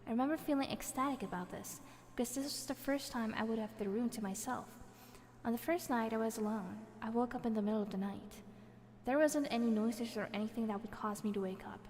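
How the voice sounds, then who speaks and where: A woman's voice: fairly high pitch, fairly quick, a little mellow, slight background noise. A woman, reading a viewer's horror story on a live stream, playful and breaking in with laughing comments. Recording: reverb effect added, faint background music.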